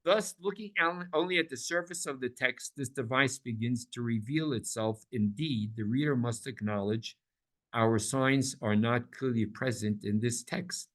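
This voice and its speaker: A man teaching a Bible class, animated, repeating words for emphasis and asking his listeners questions. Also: medium pitch, moderate pace.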